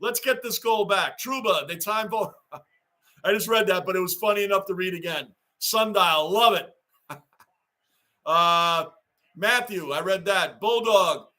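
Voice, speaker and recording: A man hosting a live sports reaction stream, rambling excitedly and reading fan chat aloud. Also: high voice, measured pace. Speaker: livestream host.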